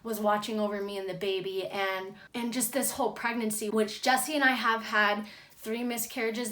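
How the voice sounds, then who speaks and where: A woman's voice: mid-range voice, a bit bright. A young adult woman vlogger telling a personal story in a casual, chatty way. She fills her speech with "like" as she talks. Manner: chatty, heavy use of "like" fillers.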